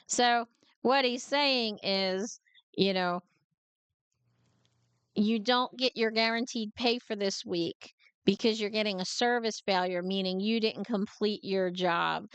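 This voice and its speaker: A woman with a New Jersey accent, a truck driver giving casual reaction commentary, telling stories in an animated way and laughing as she talks. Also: medium pitch, unhurried, clear, resonant tone, no echo. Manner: animated storytelling, gets fired up and laughs.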